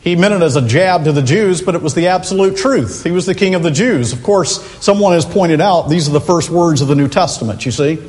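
A man preaching a sermon, earnest and emphatic, slowing and lifting his voice to stress key phrases. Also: a little high, a little mellow. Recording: long reverb of a large hall.

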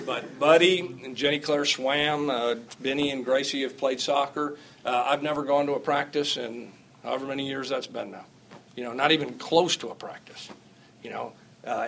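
A man's voice: mid-range voice, a bit bright, slight background noise, poor audio. A middle-aged man teaching a church class in an informal, rambling way, with many fillers and restarts, often chuckling and turning wry and emphatic.

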